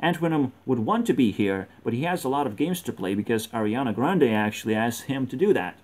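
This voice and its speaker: A man's voice: medium pitch, animated, a little fast, a little mellow. A man rambling through gameplay commentary, swearing constantly and joking as he goes. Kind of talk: rambling let's-play commentary.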